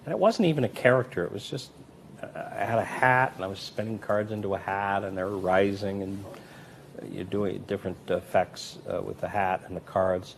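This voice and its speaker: Low-voiced man telling animated stories. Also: normal speed, gravelly, a little hiss or hum. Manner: animated, acts out quoted voices with big swings in pitch and loudness. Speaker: magician and comedy performer, interview guest. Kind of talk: anecdotal storytelling in an interview.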